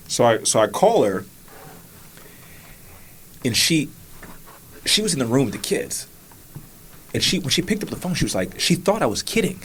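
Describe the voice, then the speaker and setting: A podcast host tells a personal story in casual conversation, acting out the things he once said, sometimes dropping to a whisper and sometimes rising high. His husky voice is expressive, with a moderate pace and frequent pauses.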